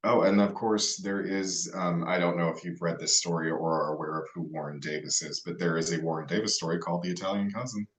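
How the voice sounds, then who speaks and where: Deep-voiced podcast host, roomy sound. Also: male voice, steady tone, brisk, hardly any pauses. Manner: rambling, easygoing questions. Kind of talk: casual interview.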